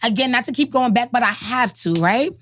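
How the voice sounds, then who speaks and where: A woman co-hosting a podcast in casual chat, talking in an emphatic, animated way. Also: a little high, fairly quick. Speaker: podcast co-host.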